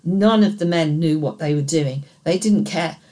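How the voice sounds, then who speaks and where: A woman giving steady, measured first-person narration of an audiobook thriller. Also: low-pitched.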